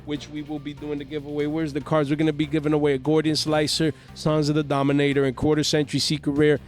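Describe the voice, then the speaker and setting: Hype host, man, slangy and excitable, a bit higher voice, faint music bed. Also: fast talker. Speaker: card market channel host. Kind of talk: hyped market commentary. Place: home.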